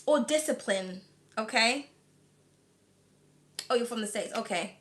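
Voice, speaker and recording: A woman's voice: a little high, animated, measured pace. A British woman with a slightly whiny voice, chatting loosely through a live tarot reading with lots of fillers and frequent laughs. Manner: chatty and rambling, full of "like" and "um", laughs often. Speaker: tarot reader.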